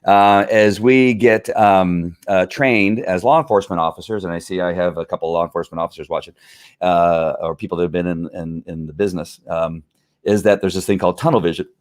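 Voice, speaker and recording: A man's voice: low-pitched, steady tone, fairly quick. A middle-aged man hosting a live stream on police training, talking in an earnest, fired-up way with many restarts and fillers. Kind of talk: live-streamed casual talk.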